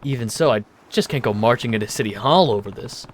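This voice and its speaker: A man voicing a stern, gruff middle-aged man who speaks in a low, hushed, serious way. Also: brisk, a little hiss or hum, natural voice.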